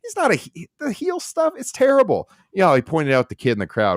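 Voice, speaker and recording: A man's voice: fairly high pitch, huge pitch swings, fast, few pauses, no echo. Podcast guy ranting, blunt and sarcastic, voice jumps all over, dry close mic. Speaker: podcast co-host. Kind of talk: casual opinionated podcast chat.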